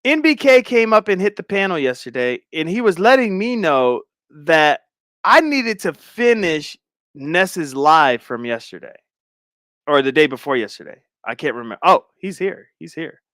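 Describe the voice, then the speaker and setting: Man, livestream host, high-pitched, whiny, animated, dry recording. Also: normal speed, dry recording. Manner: animated, chatty, slangy. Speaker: show host. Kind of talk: casual livestream commentary.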